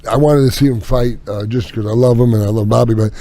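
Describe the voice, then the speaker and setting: A man hosting a casual podcast, talking in an excitable, stammering, jokey way. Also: medium pitch, fast talker. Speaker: podcast host. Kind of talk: casual chat.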